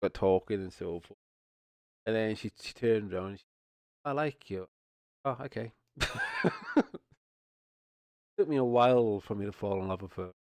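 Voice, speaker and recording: Low-voiced rambling male streamer. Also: fast talker, darkish tone, no room sound. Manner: rambling, swears, stumbles and restarts, repeats "you know what I mean". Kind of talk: casual ranting commentary.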